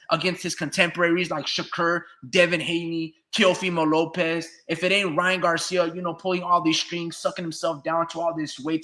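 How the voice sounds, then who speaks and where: A man's voice: fairly high pitch, sharp tone. A man giving blunt, profane, ranting solo commentary on a channel he hosts. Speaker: boxing commentator.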